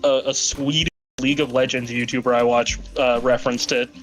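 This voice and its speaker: A man's voice: mid-range voice, a little fast, soft background music. A young man streaming a game with friends, teasing them and telling stories in casual chat. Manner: teasing, animated storyteller.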